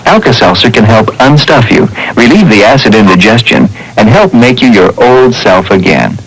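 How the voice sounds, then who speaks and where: A man as a husky vintage ad announcer. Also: mid-range voice, lively intonation, normal speed, poor audio. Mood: selling. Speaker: commercial announcer. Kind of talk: 1960s TV ad voice-over.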